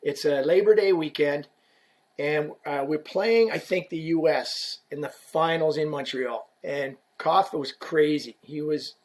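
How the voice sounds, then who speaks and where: This is a man with a somewhat high voice, telling stories in a relaxed podcast conversation. He is playful and throws himself into the people he quotes, swinging his delivery around for effect. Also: a little slow. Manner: playful, acts out quoted people with lively voice changes. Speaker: equipment company ambassador. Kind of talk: animated storytelling in a casual podcast chat.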